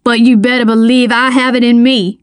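A woman voicing a calm, firm older man who steps in as protector, in a dry storybook reading. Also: fairly high pitch, brisk, no echo, close to an everyday voice. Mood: steely.

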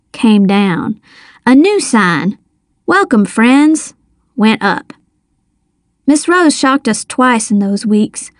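Lively woman narrating an audiobook. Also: a little high, no echo, studio quality. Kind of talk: scripted first-person narration.

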